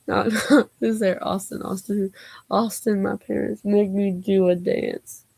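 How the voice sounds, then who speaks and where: A woman's voice: mid-range voice, fairly even intonation, slow pace, creaky, mellow, breathy edge, dry recording. A woman vlogger reading knock-knock jokes aloud, taking both parts herself and breaking off for giggly asides.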